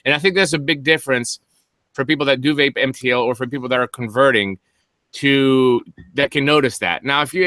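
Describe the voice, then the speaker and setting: A man's voice: medium pitch, sharp tone, no echo. A man co-hosting a casual podcast, explaining hardware in detail with some teasing banter. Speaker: co-host.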